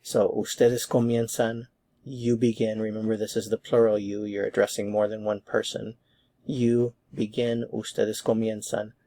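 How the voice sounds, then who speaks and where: A man teaching a Spanish grammar lesson, explaining step by step in a patient, methodical way and slowly repeating each verb form. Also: on the low side, level tone, dark tone.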